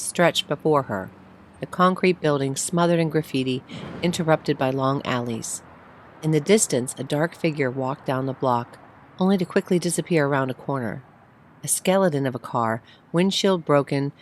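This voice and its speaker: A woman narrating a short story, reading in measured, phrase-by-phrase delivery. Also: low-pitched, slight background noise. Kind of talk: read-aloud short story.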